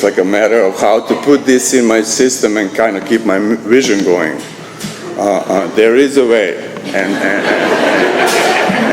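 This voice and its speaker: A middle-aged man from Croatia with a Croatian accent, telling his recovery story at a meeting in a blunt, profane, self-mocking way, restarting his sentences. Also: fairly low pitch. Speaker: AA meeting speaker. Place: meeting hall. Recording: echoey hall with faint room noise.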